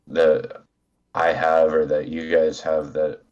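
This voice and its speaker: A man's voice: rumbling low, slow. A congested man chatting as a guest player on an online game stream, rambling and hesitant, heard through a phone on speaker. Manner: rambling, relaxed, hesitant with fillers. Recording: dull lo-fi phone speaker audio.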